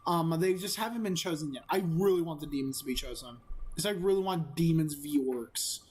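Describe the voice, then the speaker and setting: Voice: medium pitch, a little fast, a little mellow, poor audio. A gaming video creator giving casual let's-play commentary, rambling and self-amused, with many fillers.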